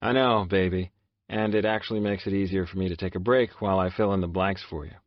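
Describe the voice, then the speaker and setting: A man's voice: low voice, little pitch movement, fast talker, no room sound, lo-fi sound. A man narrating a first-person audiobook in a subdued, confessional way.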